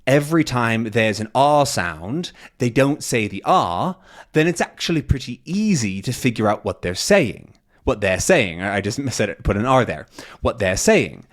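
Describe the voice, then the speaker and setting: A young man teaching a casual lesson, talking in a relaxed, rambling way, often correcting himself and acting out sounds. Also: medium pitch. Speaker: language teacher.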